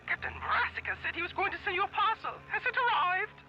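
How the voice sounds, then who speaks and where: A woman's voice: extremely high pitch, expressive, fast talker, lo-fi sound. An actress voicing a haughty, fussy older chairwoman of a preservation society in a video game, talking in a pompous, imperious way. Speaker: game character. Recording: game audio with background music.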